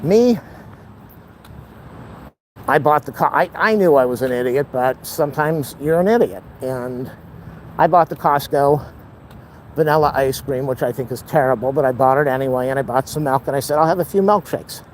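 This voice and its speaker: A vlogger walks along city streets and lawns, talking to a camera he holds in a rambling, wry, blunt monologue. His voice is medium-pitched at normal speed with frequent pauses, over slight background noise on a low-quality recording.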